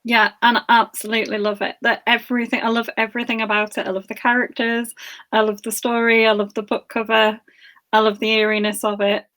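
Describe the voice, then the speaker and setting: Woman, book club co-host; bright enthusiasm, giggles, a touch high-pitched. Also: flat delivery, a little fast. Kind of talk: casual video chat.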